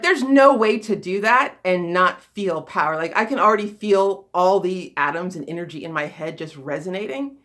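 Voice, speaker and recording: A woman's voice: medium pitch, fairly bright tone. A woman giving a casual spoken talk as a spiritual coach, rambling with many fillers and restarts, earnest and encouraging.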